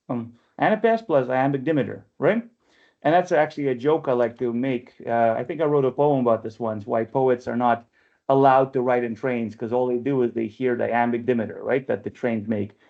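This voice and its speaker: A man with a warm, somewhat high voice leads an online poetry workshop; he's the workshop leader and a press editor, lecturing conversationally and chatting freely. He often checks in with "right?" and slows down to read verse aloud deliberately, captured by a webinar computer mic in dull, lo-fi audio.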